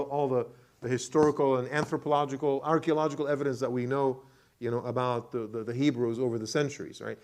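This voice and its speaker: Imam giving a lively tafsir class. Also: male voice, medium pitch. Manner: questions the class, repeats words, many restarts. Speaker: imam teaching Quran commentary. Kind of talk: classroom lecture with questions to the audience.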